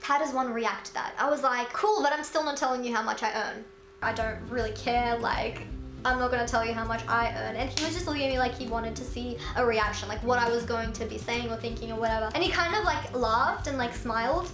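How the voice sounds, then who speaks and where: A young woman telling a storytime vlog in a chatty, animated way, full of "like". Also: fairly high pitch, fairly quick, echoey room, soft background music. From Australia. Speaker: YouTuber.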